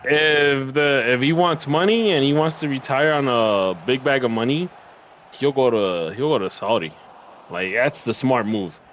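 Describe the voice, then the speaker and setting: A man's voice: medium pitch, unhurried, a bit bright, lo-fi sound, a little hiss or hum. A man co-hosting a soccer podcast, chatting casually and emphatically, repeating himself. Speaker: podcast co-host.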